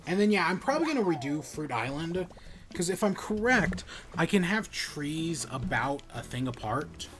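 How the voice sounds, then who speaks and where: A man streams a video game, offering casual commentary in rambling, self-correcting bursts. His voice is a little high and fairly bright, with big pitch swings and a moderate pace, over soft background music.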